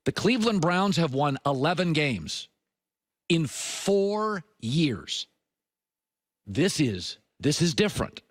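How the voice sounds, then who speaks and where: Middle-aged man, sports radio host, opinionated monologue, very animated pitch, bone-dry studio sound. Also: slow, no room sound. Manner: emphatic, swings between high punchy lines and low confiding tones. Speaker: sports talk show host.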